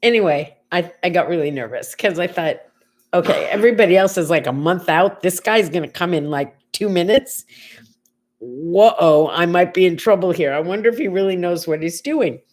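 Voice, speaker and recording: With a low, somewhat dark voice, this older female host talks fairly quickly and with plenty of animation. On her casual morning show, she tells chatty stories and repeats what others said.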